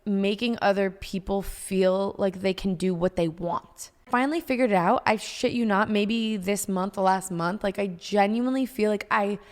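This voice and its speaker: A woman hosting a podcast in casual chat, candid and quick to swear. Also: medium pitch, fairly even intonation. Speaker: podcast host. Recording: room with long reverb.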